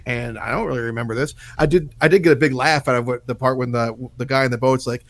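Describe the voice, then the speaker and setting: A man co-hosting a movie podcast, talking through the film in a measured, analytical way. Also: mid-range voice, fairly even intonation, fairly bright tone. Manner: measured, analytical, history asides. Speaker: podcast co-host. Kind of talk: casual movie review chat.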